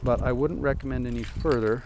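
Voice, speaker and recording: A man's voice: mid-range voice, fairly even intonation, brisk, noisy background. A man, a golf teaching pro, giving a chatty lesson full of rhetorical questions and dry sarcasm. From Canada.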